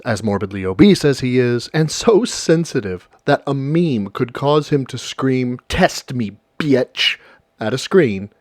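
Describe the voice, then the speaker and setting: A man's voice: medium pitch, a little mellow, no echo, clean studio sound. A man narrating a scripted commentary video in a sarcastic, mocking manner.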